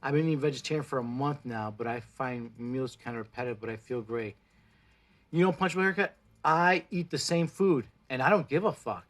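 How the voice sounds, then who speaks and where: A man's voice: mid-range voice, a little fast, a bit bright. A man in his forties whose first language is Spanish, chatting bluntly on a livestream and swearing freely as he gives pep-talk advice. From Mexico. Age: 40s. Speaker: plant-based food vlogger. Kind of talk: casual livestream chat. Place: indoors, live stream.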